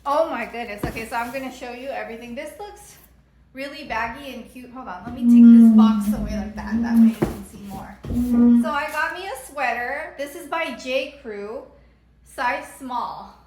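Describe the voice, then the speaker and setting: A woman in her thirties gushes her way through a casual lifestyle vlog, bubbly and chatty with lots of exclamations. Her voice is a little high at a moderate pace, and a crowd can be heard behind her.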